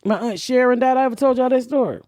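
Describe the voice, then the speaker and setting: A woman's voice: high voice, quick pace, dry recording. Brash, cussing woman storyteller, dry close mic. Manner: profane, loud, laughing storytelling. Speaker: podcast host. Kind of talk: casual storytelling chat.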